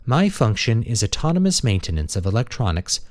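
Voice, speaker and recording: A man voicing a polite female maintenance robot with a warm, pleasant, literal-minded manner. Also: lowish voice, very animated, fairly quick, dry recording, voice pushed up. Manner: courteous and literal.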